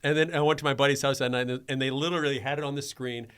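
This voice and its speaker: Fast-talking man, bright voice. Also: medium pitch, clean tone. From Boston. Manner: energetic, excitable storyteller. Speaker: guest actor. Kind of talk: casual chat.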